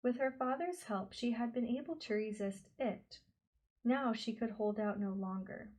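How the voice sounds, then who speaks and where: A woman reading a novel aloud as an audiobook narrator, slow and expressive. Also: on the high side, low-quality recording. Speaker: audiobook reader. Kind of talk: scripted storybook narration.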